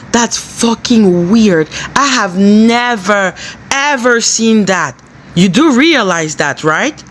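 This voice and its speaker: Mad woman streamer going off on her mods, swearing a ton, mid-pitched voice. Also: a bit bright, slight background noise. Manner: angry, profane, scolding. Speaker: livestream host. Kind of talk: live stream rant to chat.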